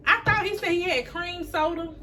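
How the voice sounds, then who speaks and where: A woman's voice: extremely high pitch, normal speed, a crowd in the background. A woman in her thirties from Atlanta hosting a casual food vlog, chatty and informal with loose hesitations. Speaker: vlogger hosting a mukbang. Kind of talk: casual chat. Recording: distant mic with loud background noise.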